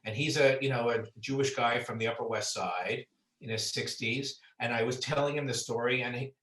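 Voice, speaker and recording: Chatty author, roomy far-off sound. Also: male voice, mid-range voice, steady tone, moderate pace, fairly bright tone. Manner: chatty, many fillers and restarts. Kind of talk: conversational book talk.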